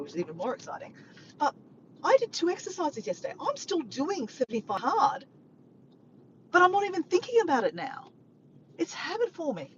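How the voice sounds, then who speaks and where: A woman, chatting casually to camera in a rambling, upbeat vlog. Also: sits high. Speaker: vlogger. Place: in a car while driving. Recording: muffled with clear road noise.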